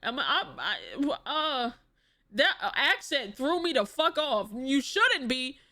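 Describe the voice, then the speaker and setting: Animated swearing woman streamer. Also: sits high, takes it slowly. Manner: animated, exclaiming, swearing, rhetorical questions. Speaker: streamer reacting to a video. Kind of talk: casual live-stream reaction.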